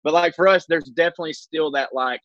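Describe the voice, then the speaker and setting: A man's voice: on the high side, fast talker, fairly bright tone, dry recording. Wry Southern man, dull dry sound. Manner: wry, profane. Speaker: comedian, podcast guest. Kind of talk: casual conversation.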